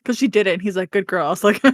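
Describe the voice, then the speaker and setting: A woman co-hosting a podcast, retelling a book's scenes with quick animated storytelling. She laughs often and swears playfully. The sound is dry and close, at an ordinary middle pitch. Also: dry recording. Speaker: podcast co-host. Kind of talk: casual book recap.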